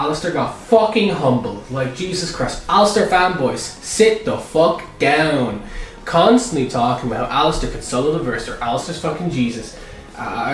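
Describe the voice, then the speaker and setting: Man, casual reviewer, swears a lot, excitable outbursts, very echoey room, distant mic. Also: medium pitch. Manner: profane, excitable, blurts out outbursts. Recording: echoey room, far from mic, music behind.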